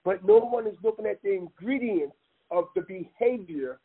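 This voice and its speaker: Gravelly man on a tinny phone line. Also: high-pitched, animated, moderate pace. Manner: emphatic, rambling, addresses listener directly with "man". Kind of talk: impassioned casual talk.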